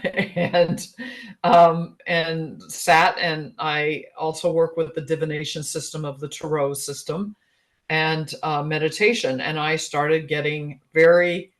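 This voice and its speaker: A woman in her sixties, a guest relationship expert, telling a personal story in a chatty, animated way, laughing often. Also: sits low. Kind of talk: casual storytelling in an interview.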